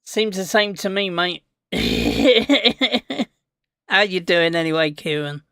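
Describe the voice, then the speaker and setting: A man's voice: high voice, normal speed, sharp tone, clear, resonant tone, no room sound, studio quality. A man hosting a live football watch-along, rambling casually and chatting back to his viewers.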